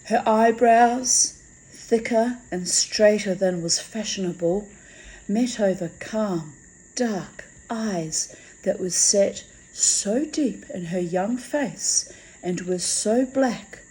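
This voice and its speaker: A woman reading a fantasy story aloud in a measured, expressive way. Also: medium pitch, poor audio. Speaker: reader.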